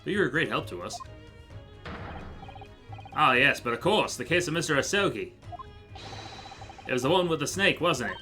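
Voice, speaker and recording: A man voicing a pompous, absent-minded gentleman detective in a put-on Australian accent, theatrical and grand. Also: fairly high pitch, sing-song, normal speed, pauses often, faint music behind. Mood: jovial. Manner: theatrical, grandiose reading of game lines.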